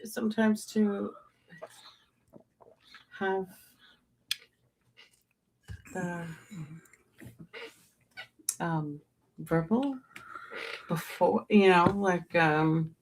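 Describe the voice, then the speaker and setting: A woman co-hosting a casual live-stream chat, talking in an unhurried way with lots of fillers. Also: lowish voice, a little hiss or hum. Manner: unhurried, laughs often, many fillers. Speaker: co-host.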